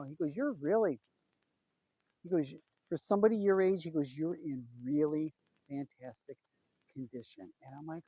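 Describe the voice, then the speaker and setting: A woman's voice: low-pitched, warm tone, husky, no room sound, dull audio. A middle-aged woman vlogging a casual personal update, chatty and retelling a conversation with lots of "he goes".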